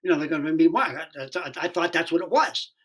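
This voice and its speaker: A man, a stand-up comedian guesting on a podcast, telling an animated, profane anecdote and acting out the people in it. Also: fairly high pitch, quick pace, breathy edge. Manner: profane, acts out the dialogue in his story.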